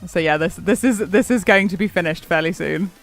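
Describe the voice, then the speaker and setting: A man's voice: high-pitched, brisk, a bit bright. A man streaming a game, chatting casually and rambling, laughing often as he answers chat. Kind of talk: casual live-stream chat while gaming. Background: faint background music.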